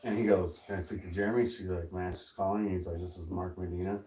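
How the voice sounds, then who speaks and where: A middle-aged man hosting a casual podcast, telling a story with lively energy and putting on the voices of the people in it. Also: deep voice, fast talker. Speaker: podcast host. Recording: roomy sound, mic at a distance.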